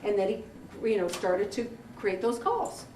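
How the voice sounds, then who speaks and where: A woman's voice: mid-range voice, measured pace, slight background noise. Chatty woman leading a workshop. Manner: chatty, anecdotal, animated storytelling with laughs. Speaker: workshop leader. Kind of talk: teaching a career workshop to a group. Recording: echoey room from far off, faint ambience.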